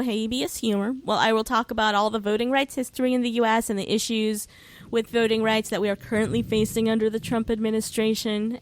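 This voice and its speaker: A woman with a law background, chatting on a podcast as a guest, laughing often. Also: on the high side. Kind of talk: casual podcast chat.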